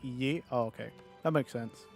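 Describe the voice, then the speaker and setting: A man's voice: medium pitch, moderate pace, soft background music. Rambling British man chatting on stream. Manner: rambling, swears, answers chat. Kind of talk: casual gaming stream chat.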